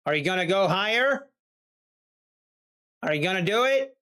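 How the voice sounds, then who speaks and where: Live-stream trader, mid pitch, exasperated, muttering, teasing chat, desk mic. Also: lively intonation, normal speed, pushed and bright, smooth.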